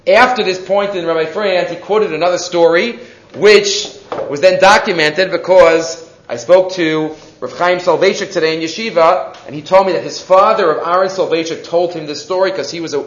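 A man with a high voice teaches a weekly Torah class, telling his stories with energy and acting out each quoted voice. The sound is dull and lo-fi, and it echoes around the room. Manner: animated storyteller who acts out quoted voices. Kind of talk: weekly Torah lesson with storytelling.

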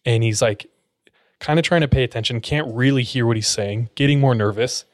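A man hosting a podcast, casually telling a scary story in a relaxed way and filling his speech with "like". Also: mid-range voice, fairly quick, dry recording, clean studio sound. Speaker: podcast host.

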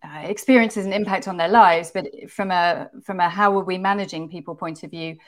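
A woman panel guest speaking in a measured, reflective way, often restarting her phrases. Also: fairly low pitch, steady tone. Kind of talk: panel discussion.

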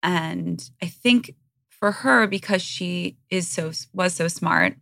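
A woman in her thirties talks frankly and earnestly as a podcast guest. Her voice is low-set with plenty of vocal fry and a bright, forceful edge. The sound is close and dry. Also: slow, dry recording. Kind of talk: candid conversational interview.

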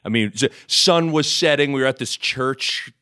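A man's voice: mid-range voice, moderate pace, bright, forceful tone, clear, resonant tone, no echo, studio quality. A man hosting a podcast, telling stories in casual chat and acting out quotes. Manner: storytelling, laughs often, acts out quotes. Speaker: podcast host.

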